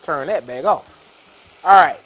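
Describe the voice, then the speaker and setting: A man with a fairly high, animated, slightly rough voice hosts a live cooking demo at a measured pace, and the highs are cut off. Working at an induction burner in a kitchen, the cooking show host chats casually and folksily with his viewers.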